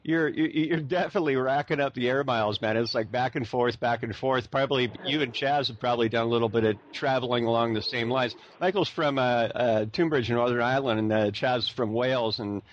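An American man hosting a casual podcast chat at a middle pitch, rambling through lots of "uh"s and restarts. The sound is a little dull and muffled. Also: a little fast, hardly any pauses, a little hiss or hum. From United States. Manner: rambling, many fillers and restarts. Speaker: podcast host. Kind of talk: casual interview.

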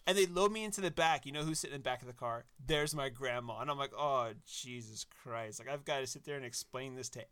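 A man casually telling a personal anecdote, animated and laughing at his own story. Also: medium pitch, quick pace, hardly any pauses.

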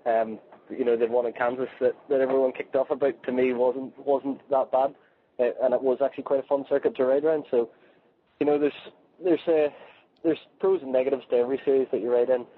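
A man's voice: medium pitch, fairly even intonation, a little fast, breathy edge. A man with a Northern Irish accent, a motorcycle racer speaking as a guest over the phone, chatty and full of restarts. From Northern Ireland. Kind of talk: phone interview. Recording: tinny phone line with faint noise.

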